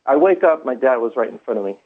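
A man's voice: medium pitch, expressive, fast talker. A man telling his story in a rambling way, with many fillers and restarts, heard through a phone line. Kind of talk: first-person storytelling.

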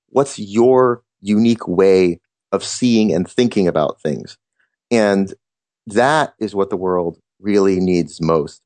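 Podcast host, man, lowish voice, earnest and reflective, dry close-miked sound. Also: darkish tone, no room sound. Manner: earnest and reflective, with frequent restarts. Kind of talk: motivational podcast monologue.

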